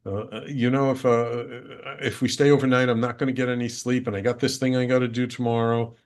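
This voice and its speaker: A nervous, stammering wife rushes through her complaints in a lifted, quick voice, done by a man retelling the story. She sounds flustered and sorry by turns. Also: mid-range voice, flat delivery, voice pushed up, close to an everyday voice. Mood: fretful. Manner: hurried, stammering, apologetic. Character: anxious, fretful wife protesting an overnight trip.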